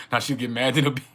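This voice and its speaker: A man's voice: medium pitch, fairly bright tone. Joking, profane man on a livestream. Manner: joking, profane, laughs often. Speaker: astrology livestream host. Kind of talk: casual livestream chat.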